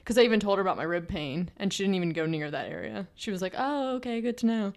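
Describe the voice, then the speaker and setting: Young woman, podcast co-host, low voice, rambling chatty delivery. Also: racing, creaky. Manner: chatty, lots of fillers and restarts. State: pregnant. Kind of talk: casual chat.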